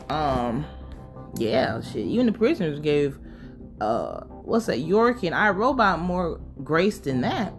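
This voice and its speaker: A woman giving a casual, blunt and profane recap of a TV episode, full of her own opinions. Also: mid-range voice. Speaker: show recap host.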